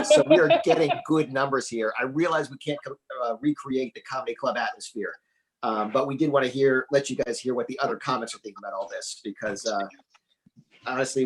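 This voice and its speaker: A man's voice: medium pitch, a little hiss or hum, poor audio. A man hosting an online comedy show, introducing comics in a chatty, joking way. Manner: chatty, joking emcee patter with fillers. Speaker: show host.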